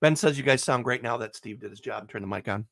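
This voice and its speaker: A man's voice: medium pitch, fast talker, vocal fry, a bit bright, no room sound, clean studio sound. A man on a podcast throwing in short, quippy interjections and reading chat messages. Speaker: podcast co-host. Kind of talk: casual podcast banter.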